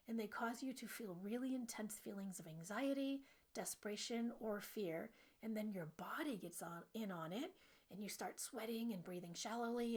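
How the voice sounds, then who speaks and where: A woman self-help coach giving an animated, playful instructional video lesson. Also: medium pitch.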